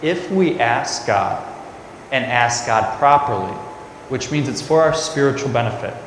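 A priest giving a conversational homily, telling a family story before turning to scripture. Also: male voice, mid-range voice, background noise. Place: large church. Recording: echoey church recorded from afar.

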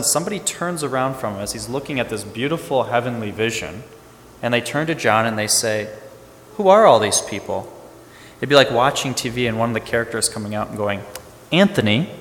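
A man's voice: mid-range voice, a bit bright, a little hiss or hum. A man, a priest, giving a sermon in a conversational storytelling way, acting out bits of dialogue. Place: church. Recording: echoey church hall with reverb.

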